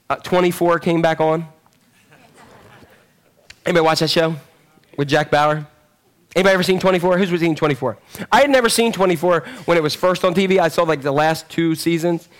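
A man in his forties preaching a sermon in a conversational, rambling way, telling animated stories full of fillers and restarts. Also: a little high, smooth. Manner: animated storytelling. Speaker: pastor.

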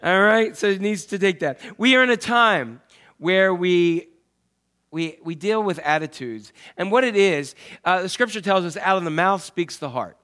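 A pastor preaching a conversational sermon, often asking the congregation questions. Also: male voice, high-pitched, fairly bright tone, clean tone.

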